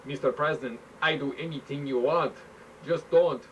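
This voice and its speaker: A man's voice: mid-range voice, lively intonation, normal speed, fairly bright tone, lo-fi sound, lightly acted. A man putting on a premier. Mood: pleading. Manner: broken, pleading English. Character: blustering then pleading male Soviet premier. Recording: faint hiss, mic far off.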